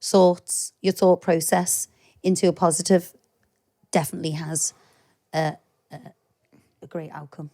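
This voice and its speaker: Lively Liverpool woman telling stories. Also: lowish voice, measured pace, long pauses, dry recording. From England. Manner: lively storyteller, animated quoting. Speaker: podcast co-host. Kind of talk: casual chat.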